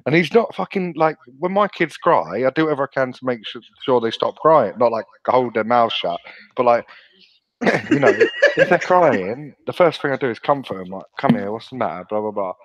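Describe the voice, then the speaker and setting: A man's voice: medium pitch, animated, moderate pace, no room sound, dull audio. A man with a British accent spins long, sweary anecdotes in loose, casual banter. He sits in the middle of the usual male range and talks like a regular co-host chatting with a mate. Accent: British English. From England. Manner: sweary, storytelling. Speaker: podcast co-host.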